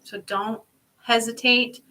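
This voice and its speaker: A woman's voice: fairly high pitch, flat delivery, takes it slowly, pushed and bright, recorded from a distance, low-quality recording. A woman giving a casual spiritual card reading to her viewers, talking emphatically and chattily, swearing now and then and often checking in with "okay?". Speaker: spiritual healer and card reader.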